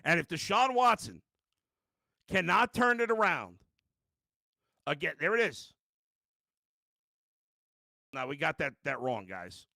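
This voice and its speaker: A man's voice: on the high side, sing-song, takes it slowly, creaky, pauses often, bright, forceful tone, dry recording. A middle-aged man hosting a live post-game sports show, ranting bluntly with profanity, self-mocking asides and frequent restarts. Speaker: sports talk show host.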